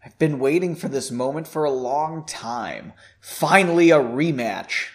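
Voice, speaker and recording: A man voicing a spiteful, gloating male mage who plays the villain, with a lively, rather high voice. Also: measured pace.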